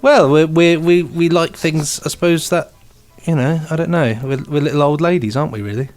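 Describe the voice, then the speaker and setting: A man's voice: fairly high pitch, normal speed, a little mellow, soft background music. A man co-hosting a podcast in casual chat, enthusiastically plugging a shop and reading out a competition. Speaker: podcast co-host.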